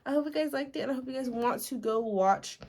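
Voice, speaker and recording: A woman recapping a story in a casual, chatty way, full of "like" and little giggles, with quick asides. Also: high voice, background noise. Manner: chatty and giggly, heavy use of "like". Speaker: video host recapping a musical. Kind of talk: casual chat.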